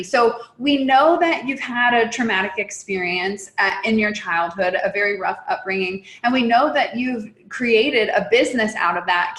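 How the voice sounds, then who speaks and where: A woman's voice: fairly high pitch, a bit bright, reverberant. A woman hosting an interview, asking encouraging, affirming questions. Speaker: interview host.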